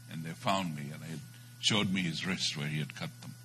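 A man preaching a sermon, telling a story with dramatic swings between loud bursts and hushed moments. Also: extremely low pitch, moderate pace, a little hiss or hum, low-quality recording.

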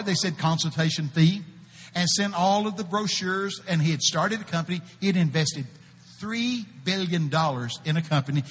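A husky, forceful man with a drawl preaches in an animated, folksy way. His fairly high voice bursts into loud proclaiming and then sinks to a hushed murmur. The sound carries the long echo of a church hall. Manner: animated, folksy, shouts out quoted prophecies, swings between loud and hushed. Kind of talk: sermon with storytelling.

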